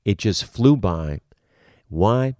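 A middle-aged man lecturing as an acting coach. He is emphatic and animated, and he often repeats a word as he starts a phrase. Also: fairly low pitch, slow pace, no room sound, studio quality. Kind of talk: spoken lecture to the viewer.

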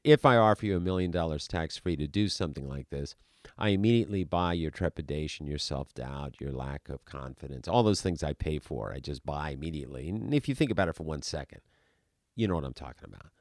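A man's voice: a bass voice, no room sound, studio quality. A man, an acting teacher, talking through a podcast monologue in an emphatic way, asking rhetorical questions and repeating words as he makes his points.

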